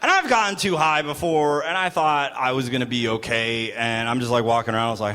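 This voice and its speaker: A man doing a stand-up comedy set, telling a story with animated delivery, laughing through his lines and acting out voices. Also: medium pitch, brisk, few pauses, a little hiss or hum.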